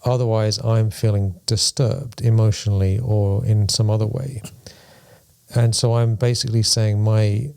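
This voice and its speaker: Male podcast co-host, low mellow voice with gravelly fry, reflective and playful. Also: level tone, measured pace. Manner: thoughtful, explains with playful examples. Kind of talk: reflective spiritual discussion.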